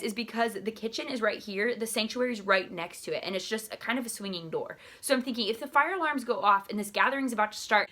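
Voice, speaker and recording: Speaking in a mid-range voice, a young church ministry worker shares a personal story on her vlog. She tells it animatedly and acts out what each person said.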